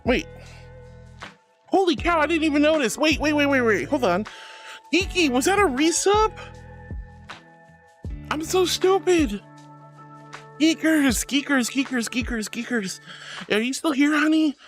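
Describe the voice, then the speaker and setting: A woman's voice: sits high, expressive, a little slow, long pauses, faint music behind. A woman streaming casually, reading chat messages aloud and thanking viewers in a gushing, affectionate way.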